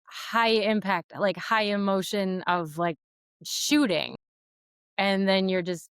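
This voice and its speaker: A woman in her thirties hosting a podcast, chatting casually, expressive and laughing as she acts out quotes. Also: mid-range voice, slow, smooth, no echo, studio quality. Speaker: podcast host. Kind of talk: casual conversational interview.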